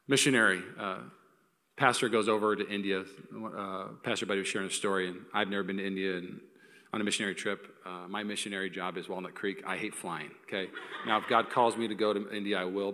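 A man in his thirties preaching a sermon as pastor, animated and jokey, acting out the people in his stories. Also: medium pitch. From Southern California. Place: large church auditorium. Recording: long hall reverb.

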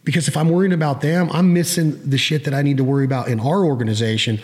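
A man's voice: a little high, steady tone, fast talker, darkish tone. Middle aged guy on a podcast, talks a lot, acts out his own thoughts, swears casually. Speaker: podcast host.

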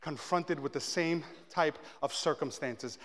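A man, a pastor, preaching a sermon and telling a story about himself in an animated, self-mocking way, acting out his own outbursts. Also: fairly high pitch, a little slow, in a large hall.

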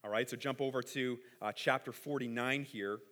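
A man preaching a sermon as a pastor, earnest and conversational, often repeating words and adding quick asides. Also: medium pitch, steady tone, pushed and bright.

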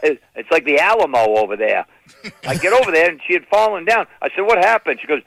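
A man's voice: sits high, normal speed, gravelly, dry recording, rough recording. A middle-aged man doing stand-up comedy, telling family stories and slipping into impressions of his relatives. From New England. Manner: animated, slips into impressions of relatives.

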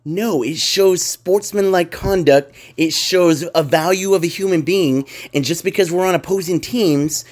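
A man's voice: sits high, unhurried, few pauses, a little mellow. A man in casual podcast chat, rambling and emphatic, swearing freely as he makes his points.

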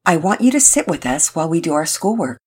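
A woman's voice: low-pitched, big pitch swings, moderate pace, darkish tone, slightly rough, heavily acted. A woman voicing a patient but unbending mother in a children's story, coaxing and firm.

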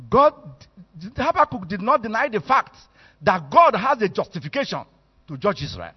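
A man with a Nigerian accent preaching a sermon, animated and storytelling as he acts out the quotes. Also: high voice, normal speed, husky. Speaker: bishop, preacher. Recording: echoey hall, muffled sound.

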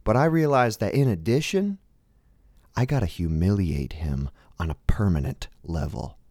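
Guy doing a deadpan comedy story, voice bouncing all over, super dry close sound. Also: on the low side, moderate pace, no room sound. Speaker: comic narrator. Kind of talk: deadpan comic monologue.

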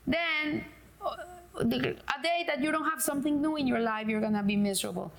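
Her voice sits high and sounds a bit bright as this middle-aged Torah class teacher leads a casual religious lesson. She chats along with plenty of fillers and restarts and performs the dialogue in a joke.

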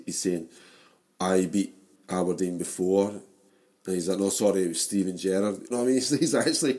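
A Scottish man in his forties, chatting about football and family in an animated way, laughing often, his voice going a bit hoarse. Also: deep voice. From Scotland. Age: 40s. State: losing his voice. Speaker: podcast co-host. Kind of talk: casual football chat.

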